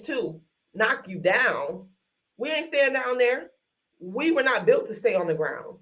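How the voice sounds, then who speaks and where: A woman's voice: mid-range voice, recorded from a distance, low-quality recording. A woman hosting a live online workshop, chatty and encouraging, full of y'all, calling viewers honey and sugar into a desk microphone. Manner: folksy, uses y'all often. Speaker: workshop host.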